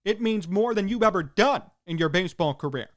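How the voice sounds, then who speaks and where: A man's voice: high voice, lively intonation, fairly quick. A man hosting a sports talk show, delivering an emphatic opinion monologue in punchy, repeated short sentences.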